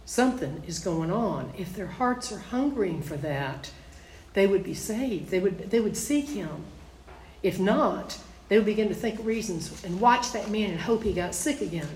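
A woman's voice: medium pitch, lively intonation, normal speed, darkish tone, slight background noise. A woman teaching a Bible study, reading scripture aloud and then explaining it in plain, conversational asides. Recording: echoey room.

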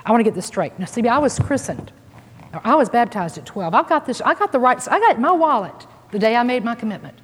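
A woman's voice: mid-range voice, darkish tone. A woman teaching a Bible lesson in an earnest, emphatic preaching manner. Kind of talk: sermon. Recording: long hall reverb, husky voice.

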